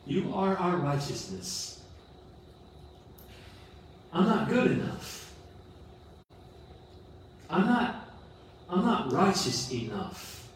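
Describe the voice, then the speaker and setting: A middle-aged man preaching a sermon as a pastor, earnest and animated, with self-deprecating humor. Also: high-pitched, drawn-out words, long pauses, a little hiss or hum. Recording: roomy echo from far off the mic.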